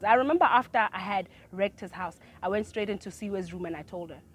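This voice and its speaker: A woman telling a personal story in casual chat. She swings from low mutters to loud outbursts and often laughs as she talks. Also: a little fast, breathy edge. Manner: laughs through her own story.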